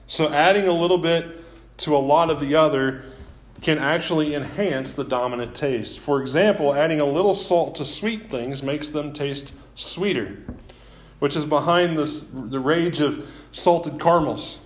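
A man preaching a sermon as pastor, talking in a relaxed, conversational way with self-deprecating asides, live-streamed from a church. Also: a little high, measured pace.

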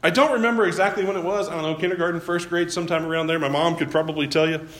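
Folksy guy preaching, kinda high pitched, roomy echo. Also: steady tone, rapid-fire, a bit bright. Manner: folksy, self-deprecating, repeats words. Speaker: pastor. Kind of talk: sermon.

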